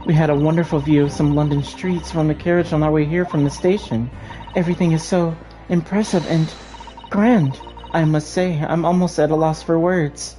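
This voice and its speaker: A man's voice: fairly high pitch, fairly even intonation, moderate pace, warm tone, voice pushed up, lightly acted, poor audio. A man voicing a polite young Japanese woman assistant, speaking formally and courteously. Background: game music.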